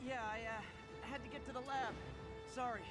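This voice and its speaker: An actor voicing a young, earnest superhero in a video game, light and wry. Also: male voice, very high voice, fairly even intonation, moderate pace. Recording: game audio under music.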